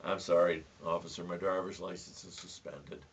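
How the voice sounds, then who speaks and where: A man voicing a smug, lying male driver in a told joke, deadpan and unbothered. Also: sits low, normal speed, husky, voice pushed down. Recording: distant, dull lo-fi sound.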